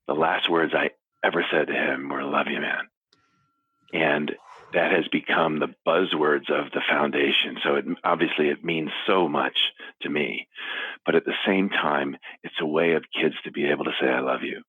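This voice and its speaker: Deep-voiced man, husky, earnest, halting, tinny phone sound, dry. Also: steady tone, no echo. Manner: earnest, halting with restarts, walking while talking. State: teary. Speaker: interview guest, foundation founder. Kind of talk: emotional phone interview. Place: his office. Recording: phone line.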